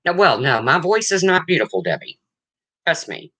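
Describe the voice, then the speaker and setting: An older woman hosting a casual livestream chat, blunt and rambling, with a low voice that callers mistake for a man's. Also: sing-song, normal speed, fairly bright tone, no room sound. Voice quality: low, husky-sounding voice, often mistaken for a man's. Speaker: livestream host.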